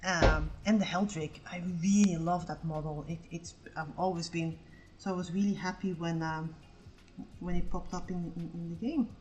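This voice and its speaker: A woman's voice: fairly low pitch, steady tone, normal speed, darkish tone, faint music behind, poor audio. A woman in her forties chatting casually on an art stream while she paints. She rambles and swears freely.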